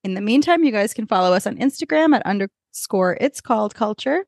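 A woman's voice: mid-range voice, a little fast, creaky, no room sound, studio quality. A woman co-hosting a podcast, chatting casually and telling stories with lots of laughter. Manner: animated storytelling with frequent laughter. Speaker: podcast co-host. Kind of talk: casual chat.

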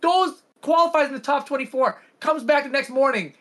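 A man's voice: very high-pitched, a little fast, a bit bright. A man on a casual podcast, telling a story, swearing and acting out quotes.

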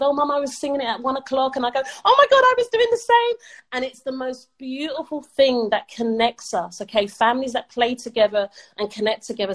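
Upbeat woman on a podcast, talks motivational and emphatic, laughs a lot, kinda high voice. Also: rough recording. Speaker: podcast guest. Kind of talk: motivational interview talk.

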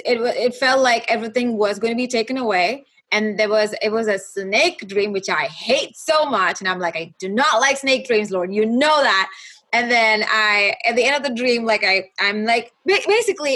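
A young woman with a fairly high voice tells her personal faith testimony. She speaks earnestly and haltingly, often restarting her sentences as she works through painful memories. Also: a bit bright. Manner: halting, with many restarts and fillers. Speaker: guest sharing her testimony.

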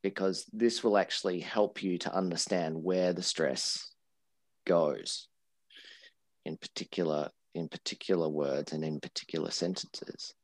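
A man with a fairly low voice talks through teaching points in a relaxed podcast chat, stumbling over and repeating words as he explains. The sound is close and dry. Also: measured pace, no echo. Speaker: English teacher. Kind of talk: casual educational podcast chat.

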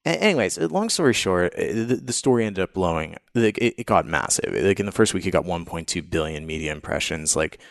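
A man from Canada tells a personal story as a podcast guest in a deep voice with a gravelly edge. He is animated and candid and swears freely. The sound is dry and close, with no room behind him. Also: a little fast, hardly any pauses, no echo. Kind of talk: storytelling in an interview.

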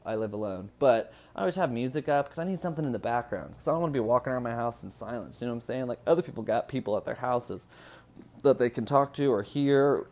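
A man's voice: medium pitch, quick pace, a little mellow. A man in his twenties from Indiana, talking at home in a rambling, profane casual chat and laughing often. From Indiana, USA. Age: 20s. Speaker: vlogger.

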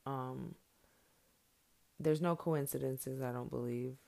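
A woman's voice: a bass voice, steady tone, slow pace, creaky, warm tone. A woman in her thirties, a mother, talks candidly to viewers in a blunt, heated and profane monologue. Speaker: mother sharing her views.

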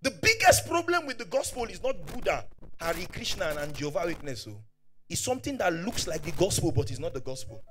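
This Nigerian-accented pastor preaches fervently in a high, sing-song voice, a little fast, over a slight hiss or hum. His sermon shifts from hushed moments to shouting, sprinkled with Pidgin remarks.

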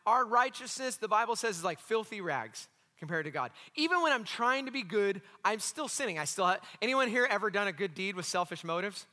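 A man preaching a sermon as pastor, animated and asking the congregation questions. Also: sits high, fairly quick, few pauses, in a large hall. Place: church hall.

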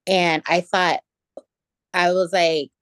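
A woman's voice: fairly low pitch, little pitch movement, takes it slowly, fairly bright tone, clean tone, dry recording. A woman guest in an interview, telling stories in a reflective way with many fillers and restarts. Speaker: interview guest, education equity director. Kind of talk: conversational storytelling in an interview.

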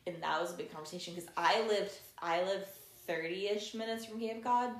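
A woman's voice: medium pitch, normal speed. A young woman, telling a story as a podcast co-host and acting out what people said, laughing often. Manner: animated storyteller, acts out quotes, laughs often. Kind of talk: casual chat, storytelling. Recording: roomy podcast recording.

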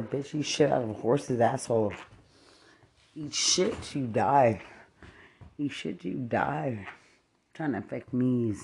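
A person in a heated confrontation, crying and shouting repetitive profane insults, then dropping to a low mutter. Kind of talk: furious shouting rant.

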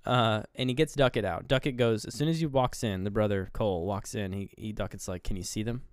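A man's voice: lowish voice, fairly quick, clean tone, no room sound, clean studio sound. A man co-hosting a podcast, casually retelling a horror movie scene by scene and acting out the characters' lines. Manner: animated retelling, acts out lines from the film. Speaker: podcast co-host. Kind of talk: casual movie review chat.

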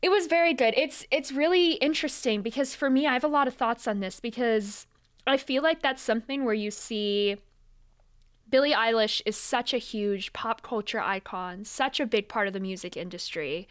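A young woman with a rather high voice chats casually as a podcast co-host. She is animated and laughs often. She stumbles into sentences, repeating words as she starts them. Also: moderate pace, smooth. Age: young adult. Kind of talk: casual chat.

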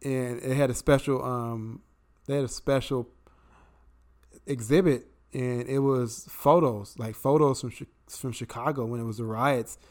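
A man's voice: mid-range voice, unhurried. Sarcastic man chatting on a podcast. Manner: sarcastic, animated, swears. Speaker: podcast co-host. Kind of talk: casual political chat.

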